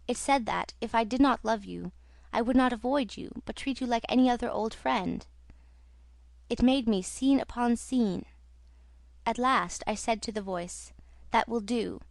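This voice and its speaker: A woman reading the part of an earnest young female opera singer in an audiobook, in a soft confiding tone. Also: on the high side, vocal fry, no room sound.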